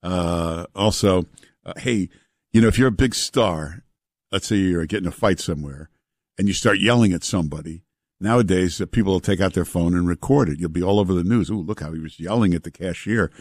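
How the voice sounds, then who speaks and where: A man's voice: sits low, brisk, dry recording, studio quality. Chatty New talk radio host man. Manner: relaxed, chatty, with frequent "uh" fillers. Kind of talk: talk radio banter and ad reads. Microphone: studio broadcast mic.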